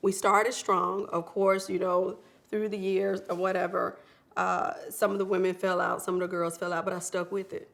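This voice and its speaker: Female guest, reflective storyteller, middle pitch. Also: flat delivery, moderate pace, gravelly, a bit bright. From Memphis, Tennessee. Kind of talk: interview.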